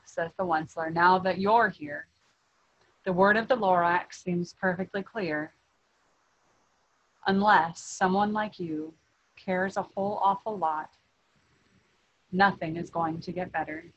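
A woman reading a rhyming children's storybook aloud in an expressive way. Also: fairly low pitch, muffled recording. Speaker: reader.

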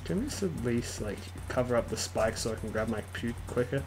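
A man playing a video game, chatting sarcastically with swearing and sudden excited shouts. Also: mid-range voice, brisk, creaky, music in the background. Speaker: game developer playing his own game. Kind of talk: casual gameplay chat.

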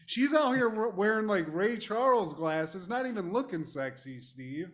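A man co-hosting a podcast, talking about old wrestling in an animated, profane way, mimicking people and breaking into laughter. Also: sits high, normal speed. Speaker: podcast co-host. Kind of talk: casual wrestling recap chat.

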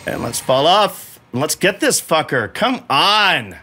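Brief: middle-aged man, bright, animated pitch, cursing gamer talking through his own play. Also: unhurried, hardly any pauses, breathy edge. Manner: swears often, rambles in broken restarts, exasperated. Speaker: gamer playing while his son coaches. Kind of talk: frustrated live gameplay commentary.

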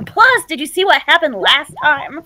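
A woman's voice: high-pitched, big pitch swings, moderate pace, bright, forceful tone, rough recording. A woman playing a tabletop game, chatting casually and laughing often. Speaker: player.

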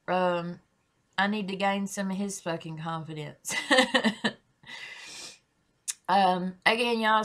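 A woman's voice: mid-range voice, fairly bright tone. A woman hosting a reaction video. She speaks candidly to her viewers, swears freely and apologizes often. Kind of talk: casual reaction chat.

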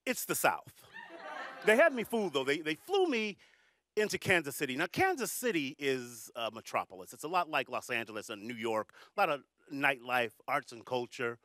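A man's voice: mid-range voice, normal speed, no echo. A man performing a stand-up comedy routine, telling stories with jokey asides. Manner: animated storytelling with jokey asides. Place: comedy stage with live audience. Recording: live comedy club audio with laughter.

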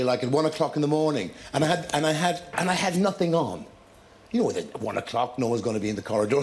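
A man, a talk show guest, telling lively anecdotes with laughter and acted-out scenes. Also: mid-range voice, a little hiss or hum. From Ireland. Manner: storytelling with laughter, acting out scenes.

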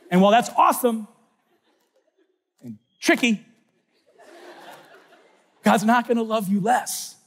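A middle-aged man giving an animated faith talk at a youth conference, telling stories with sudden shouts and soft asides. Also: sits high, breathy edge. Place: large conference hall.

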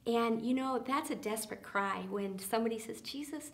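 A woman leading a church small group, speaking earnestly with many fillers and often dropping soft and quiet for emphasis. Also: fairly high pitch, fairly quick.

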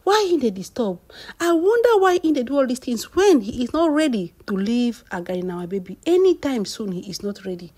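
Husky Nigerian woman gossip vlogger. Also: fairly high pitch, big pitch swings, brisk, warm tone. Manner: exclamatory, addresses viewers as "my people". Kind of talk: celebrity gossip commentary.

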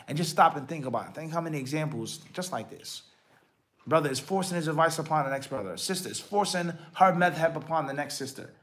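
Emphatic male scholar with rhetorical questions. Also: fairly high pitch. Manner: rhetorical questions, sprinkles Arabic terms; emphatic, rises and drops in loudness. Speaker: Islamic scholar answering questions. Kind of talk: live Q&A religious lecture.

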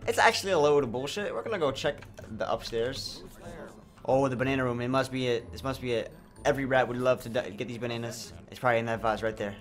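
A young man giving crude, excitable comedy commentary over a game, swinging from low mutters to high squeals. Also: fast, faint music behind. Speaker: gameplay streamer. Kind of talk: comedic let's play commentary.

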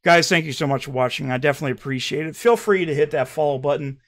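Male vlog host with a fairly high voice, ranting and mocking, loud one moment and muttering the next. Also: fast. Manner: heated and mocking, swinging between loud outbursts and quiet asides. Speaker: commentary channel host. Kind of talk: ranting commentary.

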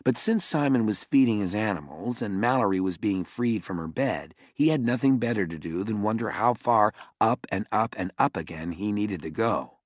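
Low, lively male audiobook narrator. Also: moderate pace, few pauses, dry recording, clean studio sound. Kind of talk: scripted narration.

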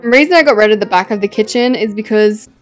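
A woman's voice: mid-range voice, fast talker. A woman chatting casually and playfully as she narrates her game build. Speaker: gaming YouTuber. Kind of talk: casual gameplay commentary. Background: faint background music.

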